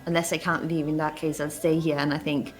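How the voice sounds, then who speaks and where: A woman's voice: low-pitched, little pitch movement, a little fast, soft background music. A woman playing in a tabletop game, playful and enthusiastic, laughing often. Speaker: player. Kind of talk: casual tabletop play.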